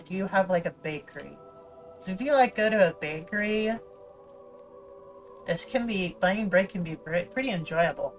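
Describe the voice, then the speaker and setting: Slow, rambling woman streamer. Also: medium pitch. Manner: rambling, playful, self-interrupting. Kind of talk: casual gameplay commentary. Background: faint game music.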